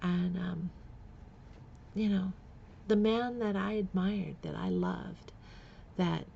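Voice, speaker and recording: Gravelly-voiced woman telling a painful story. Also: fairly low pitch, animated, takes it slowly, dark tone, highs cut off, a little hiss or hum. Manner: candid, emotional, with nervous laughs and repeated words. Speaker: vlogger. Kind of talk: personal storytelling vlog.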